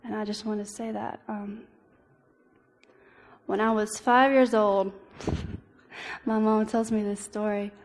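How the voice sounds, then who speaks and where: A young woman giving an earnest personal testimony as a church devotional, halting often with ums and restarts. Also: mid-range voice, little pitch movement. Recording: long reverb of a hall.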